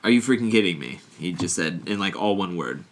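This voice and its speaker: A man's voice: sits low, expressive, fairly quick. A man co-hosting a casual podcast, reading dating stories aloud and joking, rambling and laughing often. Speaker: podcast co-host.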